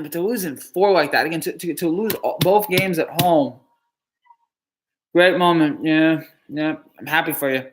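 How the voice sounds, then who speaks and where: A man's voice: fairly high pitch, fairly bright tone. A man on a live reaction stream, dejected and stammering, repeating himself.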